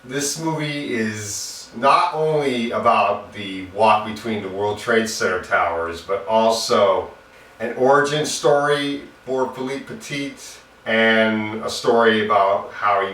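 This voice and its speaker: Lower-voiced man reviewing a film. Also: a bit bright. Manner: earnest, repetitive, loose and rambling. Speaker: movie reviewer. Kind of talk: casual spoken film review. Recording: roomy echo, distant mic, faint hum.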